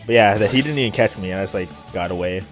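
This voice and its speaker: A man's voice: lowish voice, fast, music in the background. A young man telling rambling stories while commenting on a video game, with lots of filler words and frequent laughs. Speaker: let's play commentator. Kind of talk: casual gameplay commentary, storytelling.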